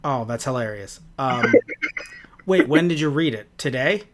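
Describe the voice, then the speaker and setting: A man's voice: mid-range voice, animated, measured pace, crowd noise. A man with a mid-range voice chats casually on a podcast. He rambles and restarts, with filler words and casual swearing. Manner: rambling, hesitant, profane. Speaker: podcast co-host. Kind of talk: casual review chat.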